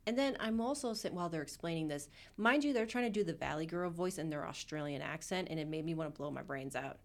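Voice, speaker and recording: A woman co-hosting a podcast, recounting a show in casual chat with lively quoted asides and some swearing. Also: low voice, fast. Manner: animated storytelling, swearing, acting out quotes. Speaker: podcast co-host.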